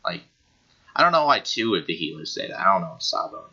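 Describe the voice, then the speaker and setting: Giggly young gamer man, bright and lively. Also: deep voice, quick pace, slightly rough. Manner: rambling, giggly, easily amused. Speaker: gaming YouTuber. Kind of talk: casual gaming commentary. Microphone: computer microphone. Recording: dull lo-fi screen recording.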